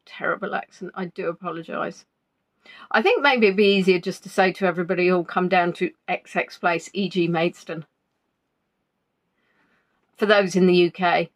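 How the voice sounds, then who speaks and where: A woman's voice: on the low side, moderate pace. A woman hosting a casual livestream from home, chatting in a rambling, self-deprecating way, still not fully recovered from an illness. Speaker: livestream host. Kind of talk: casual live-stream chat.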